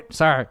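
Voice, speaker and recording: Brief: a man as a grandiose, rambling podcast host, high and smooth, dry close mic. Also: no echo. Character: pompous self-important male podcast host. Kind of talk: comedic podcast clip.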